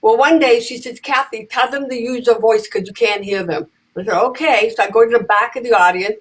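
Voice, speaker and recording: A woman telling lively stories in casual conversation, acting out the voices of the people in them. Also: fairly high pitch, a little fast, slightly rough, low-quality recording. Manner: animated, acts out voices in her stories. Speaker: guest, comedian and advocate. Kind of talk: conversational storytelling.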